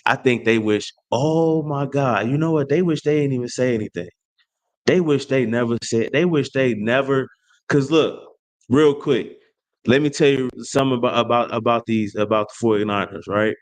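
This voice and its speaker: A man hosting his own sports channel, trash-talking a rival team in an animated rant full of slang and restarts. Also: mid-range voice, moderate pace. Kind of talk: fan rant to camera.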